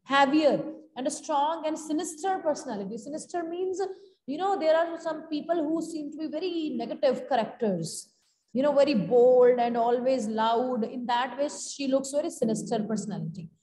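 A school English teacher with an Indian English accent explains a play to her students, blending English with Hindi and calling them beta. Her voice is high and warm, at a normal speed. The room is echoey with a long reverb.

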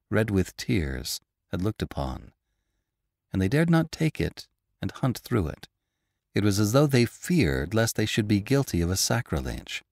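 Guy reading a classic story aloud, lowish voice that swings up and down a lot, dry close mic. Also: creaky, no echo. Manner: expressive, voices characters with raised pitch. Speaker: podcast host and audiobook narrator. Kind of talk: scripted audiobook narration.

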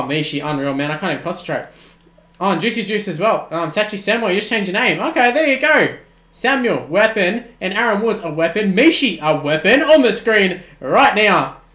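A young man, commentating his own video game on a live stream in excitable bursts, often shouting. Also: high-pitched, moderate pace, echoey room. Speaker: gaming streamer.

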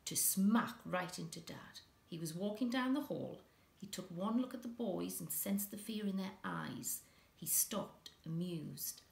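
Woman reading a children's story, low gravelly voice, dramatic, echoey room. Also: expressive, unhurried, a little mellow. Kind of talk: children's story read-aloud.

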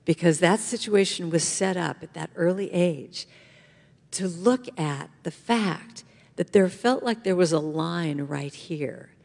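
Woman guest speaker, middle-aged, lively storyteller, voice ringing in a big hall. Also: fairly low pitch, slow pace, gravelly. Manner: animated storyteller acting out voices. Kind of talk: inspirational talk to a congregation. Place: large church hall. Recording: long hall reverb.

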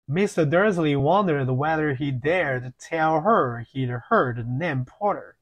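Slow, measured male audiobook reader. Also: fairly high pitch. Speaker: audiobook narrator. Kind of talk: audiobook reading.

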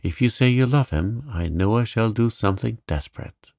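A man's voice: fairly low pitch, expressive, normal speed, darkish tone, dry recording, clean studio sound, voice pushed up. A man reading the part of a passionate, lovelorn young man in an audiobook, heated and desperate. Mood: fierce.

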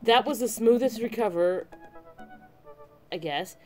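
A woman's voice: on the high side, a little slow, a little mellow, faint music behind, voice pushed up, lightly acted. A woman voicing a cheeky, teasing teenage daughter from a game. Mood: sassy. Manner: teasing, sassy.

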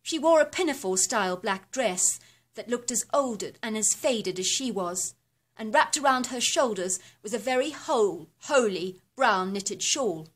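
A woman reading a first-person horror story aloud in a steady, descriptive storytelling manner. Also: fairly high pitch, moderate pace. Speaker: narrator.

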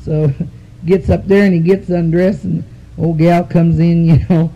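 A woman's voice: lowish voice, steady tone, unhurried, dull audio. Woman stand-up, brassy and bawdy, laughs along with her own jokes. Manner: brassy, laughing through the punchlines. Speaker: stand-up comedian.

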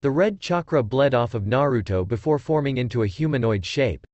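A man narrating fan fiction in a steady, plain reading voice. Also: mid-range voice, a little fast, dry recording, lo-fi sound.

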